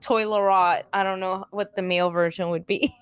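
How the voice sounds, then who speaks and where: A woman's voice: mid-range voice, steady tone, moderate pace, very noisy. A woman chatting on a live stream in a giggly, teasing manner. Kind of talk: casual live stream chat.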